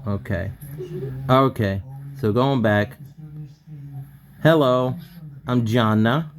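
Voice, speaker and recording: A man's voice: on the low side, darkish tone. Guy on a video call doing a language lesson, stumbly, keeps correcting himself. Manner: hesitant, self-correcting, laughs at his own slips. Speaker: language student. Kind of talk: casual online lesson talk.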